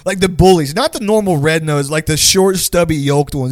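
A young man co-hosting a podcast tells rambling, profane stories in a casual chat, packed with slang and "like." His voice is a little high at a moderate pace, recorded with clean studio sound and no room tone.

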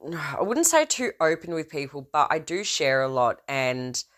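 Low-voiced, theatrical woman podcast host. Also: sing-song, unhurried, fairly bright tone. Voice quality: trained opera singer's low voice. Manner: rambling, self-interrupting, theatrical swings in emphasis. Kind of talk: casual rambling monologue.

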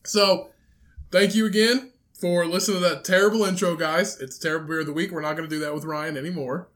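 A man's voice: on the high side, steady tone, quick pace, fairly bright tone. A man co-hosting a casual podcast chat, teasing and swearing a lot, often mocking with fake stutters. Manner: teasing and profane, mock stutters. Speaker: podcast co-host.

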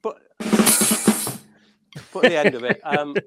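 A man, a session musician guest, telling animated stories with many stammered restarts. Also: on the high side, takes it slowly, no room sound, faint music behind. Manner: animated storyteller, acts out quoted voices. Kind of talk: casual anecdote telling.

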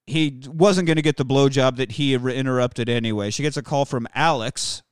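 A man casually recapping a film in animated, jokey, profane storytelling. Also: mid-range voice, fairly quick, smooth, dry recording, studio quality.

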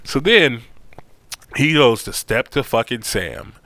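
A man talks through a show recap in a loose, profane, animated way and slips into quoted lines. His voice sits in a middle range. The room sounds dry and close. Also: medium pitch, slow pace, dry recording. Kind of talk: casual episode recap.

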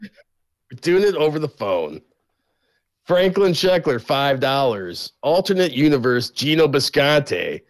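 A man co-hosting a live stream, reading viewer gifts and messages aloud in a relaxed way and laughing along. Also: on the high side, takes it slowly. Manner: reads names and donations in a plain, laid-back way, laughs often. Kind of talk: casual live-stream banter.

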